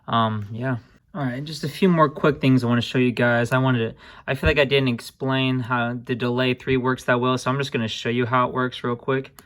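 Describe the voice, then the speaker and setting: Flat-toned young man explaining software. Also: medium pitch, fairly quick. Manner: laid-back, addresses viewers as guys, apologizes for slips. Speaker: music production tutorial host. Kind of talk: casual screen-recorded tutorial.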